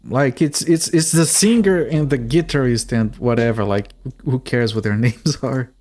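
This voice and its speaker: A man's voice: mid-range voice, a little slow, darkish tone, slight background noise. Chatty man streaming a puzzle game. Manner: chatty, rambling, thinks aloud, swears. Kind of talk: casual let's-play commentary.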